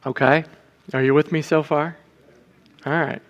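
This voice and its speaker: A man's voice: fairly high pitch, fairly even intonation, a little slow, muffled recording. Man preaching in an echoing church. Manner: conversational, checks in with the congregation. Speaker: deacon preaching. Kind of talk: sermon teaching. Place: church sanctuary. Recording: long church reverb.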